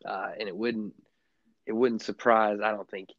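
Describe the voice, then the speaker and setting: Low, muffled man in casual chat. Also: level tone, gravelly, dry recording. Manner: rambling, halting, many restarts. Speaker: sports podcast co-host. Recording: dull, muffled lo-fi sound.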